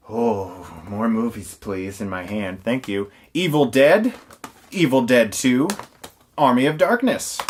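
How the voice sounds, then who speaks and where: A man reads off film titles one by one, taking his time and swinging his pitch up and down with lively animation. He breaks in often with dry, sarcastic jokes. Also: slow, long pauses, slight background noise. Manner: wry, sarcastic asides. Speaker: film reviewer showing his collection. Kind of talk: casual on-camera listing with quips.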